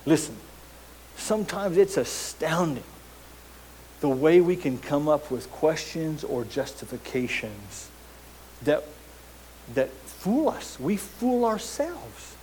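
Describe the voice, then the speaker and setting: A man's voice: fairly high pitch, animated, unhurried, darkish tone, a little hiss or hum, rough recording. A man preaching a sermon as pastor, emphatic, posing rhetorical questions and repeating words as he goes.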